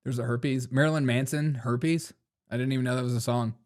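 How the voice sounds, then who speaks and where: Male host, casual live commentary, mocking, laughs a lot, mid-pitched voice. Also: steady tone, a little fast, background noise. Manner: mocking, laughs often, calls people dude.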